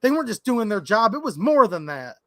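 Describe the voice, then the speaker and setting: Very animated and brisk, this gun channel host from Michigan gives casual livestream commentary from his workshop, chatty and opinionated as he keeps turning to his audience. His voice is fairly high and a bit bright, sounding dry and close with no echo.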